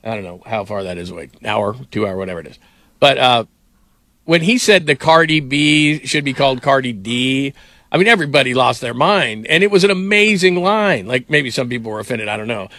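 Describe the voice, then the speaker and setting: A middle-aged man hosting sports radio with a bright, forward voice. He rambles through his stories with lots of fillers, and the sound is dry and close. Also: mid-range voice, expressive, brisk, dry recording. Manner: rambling storyteller, many fillers. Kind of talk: casual sports radio talk.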